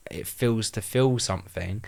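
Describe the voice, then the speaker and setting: Young male podcast co-host, lowish voice, rambling casual chatter. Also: unhurried, gravelly, darkish tone. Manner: rambling, many fillers and restarts. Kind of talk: casual chat.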